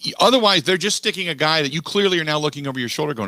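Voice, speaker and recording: A middle-aged man hosting a sports talk radio show, making his case in an animated, emphatic way and repeating phrases for weight. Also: fairly high pitch, rapid-fire, dry recording. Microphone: studio microphone.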